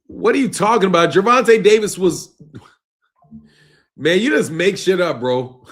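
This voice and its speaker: This young man's voice is high-pitched and animated, at an ordinary pace. As host of a boxing live stream he argues with what viewers write, laughing, swearing and sounding exasperated.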